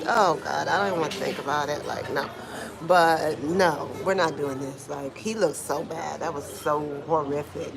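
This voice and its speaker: A woman giving casual live-stream commentary from home in Brazil, talking in a slangy, animated way and answering chat comments, with a small clip-on mic. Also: deep voice, moderate pace, creaky. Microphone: small clip-on microphone being tested. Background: Brazilian music playing.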